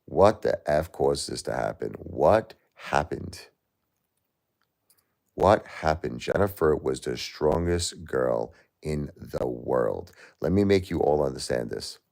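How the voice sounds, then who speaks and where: A grieving middle-aged man hosts a live stream, speaking slowly and expressively in an extremely deep voice with a gravelly, creaky edge. His emotional monologue is raw and repetitive, swinging between anger and quiet disbelief.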